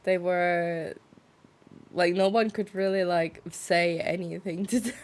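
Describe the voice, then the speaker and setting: A woman's voice: lowish voice, expressive, takes it slowly. A young woman streamer chatting casually, giggling often and rambling through her stories. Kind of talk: casual chat on a game stream.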